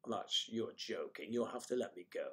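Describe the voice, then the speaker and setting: A man voicing a menacing male spy villain with a mock Russian accent, speaking in slow, halting, formal phrases. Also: lowish voice, expressive, sharp tone.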